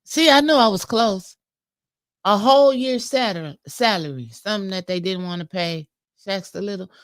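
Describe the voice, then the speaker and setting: A woman co-hosting a casual morning talk show with a sassy, animated way of talking back. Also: medium pitch, normal speed, no room sound, studio quality. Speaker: co-host.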